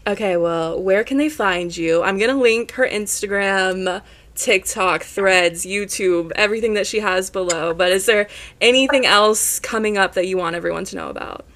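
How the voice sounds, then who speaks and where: A young woman hosting a podcast, talking in a warm, effusive and grateful way. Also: medium pitch, moderate pace. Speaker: podcast host. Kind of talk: casual interview chat.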